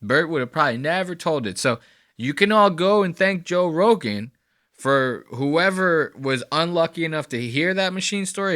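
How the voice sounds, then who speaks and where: A man's voice: mid-range voice, fairly bright tone, no echo. A man hosting a podcast, giving a mocking, profane reaction commentary on clips. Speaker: podcast host.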